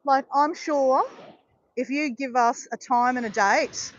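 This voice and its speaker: A woman's voice: sits high, takes it slowly, dull audio. An Australian woman hosting a casual livestream, chatting with viewers in a rambling, encouraging way full of fillers. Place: outdoors in southeast Queensland.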